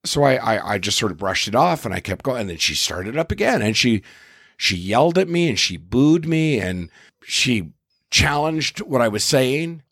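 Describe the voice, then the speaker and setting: A man's voice: medium pitch, sing-song, normal speed, fairly bright tone, dry recording, studio quality. A middle-aged man, a comedian and podcast host, telling a story in a casual, exasperated way and swearing now and then.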